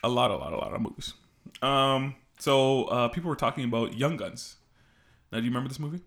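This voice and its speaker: A young man co-hosting a podcast, telling a work story in a rambling, animated way with frequent restarts. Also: medium pitch, brisk. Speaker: podcast co-host. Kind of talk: casual storytelling chat.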